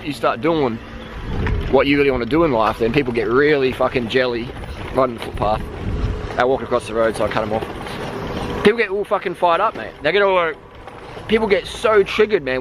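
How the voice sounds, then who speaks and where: A man's voice: medium pitch, background noise. An Australian man vlogging outdoors from a vehicle, delivering a blunt, profane motivational rant. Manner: blunt, sweary, emphatic.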